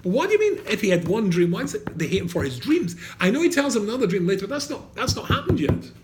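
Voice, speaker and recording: High-pitched, fast and sing-song, a rabbi gives his class an animated Torah lecture. He recites Hebrew verses, translates them and asks the students questions. The room is echoey, with faint background noise.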